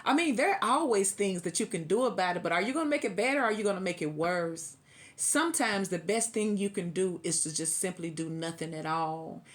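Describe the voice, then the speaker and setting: A woman giving a casual tarot reading, chatty and preachy, laughing often. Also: fairly low pitch. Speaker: tarot reader.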